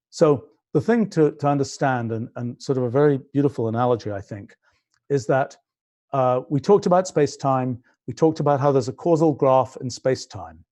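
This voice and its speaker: A British man in his sixties speaks in a mellow, mid-range voice. He's a scientist explaining his physics project on a livestream, thinking out loud with lots of fillers and restarts.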